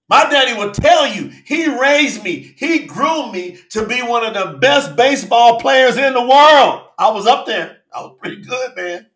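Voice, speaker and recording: A man preaching a fiery sermon in African American speech, shouting and calling out listeners by name. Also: very high-pitched, lively intonation, a little slow, reverberant. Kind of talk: fiery sermon on a live stream.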